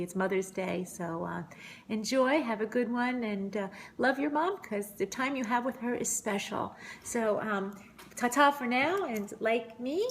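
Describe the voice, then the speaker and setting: Brief: middle-aged woman, casual home vlog on a phone, halting delivery, mid pitch. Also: vocal fry, slight background noise. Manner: hesitant, many ums and restarts. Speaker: vlogger. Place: home kitchen. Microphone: phone camera.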